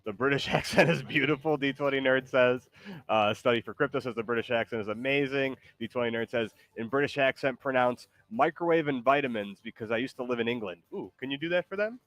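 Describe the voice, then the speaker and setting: A man's voice: mid-range voice, fairly quick, fairly bright tone, no room sound. A man hosting a stream in casual chat, laid-back and hesitant, laughing often and reading chat messages aloud.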